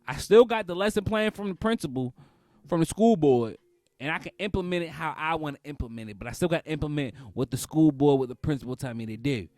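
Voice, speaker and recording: A man, talking as a podcast host in a comedic, casual monologue, repeating phrases and breaking into loud outbursts. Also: medium pitch, no room sound.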